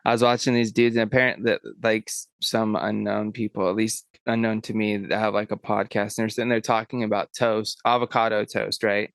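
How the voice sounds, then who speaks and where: A man's voice: lowish voice, little pitch movement, brisk, gravelly, hardly any pauses, dry recording. Rambling podcast guy telling a story. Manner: rambling storyteller, heavy on "like" and swearing. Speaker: podcast co-host. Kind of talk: casual chat.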